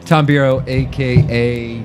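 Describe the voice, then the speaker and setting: A man's voice: mid-range voice, level tone, unhurried, music in the background. A man hosting a casual podcast, telling stories and joking, laughing often as he talks. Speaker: podcast host.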